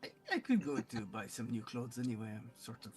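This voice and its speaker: A man playing his character in a tabletop game, talking haltingly and thinking aloud. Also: mid-range voice, soft background music. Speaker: player. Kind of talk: in-character tabletop role-play.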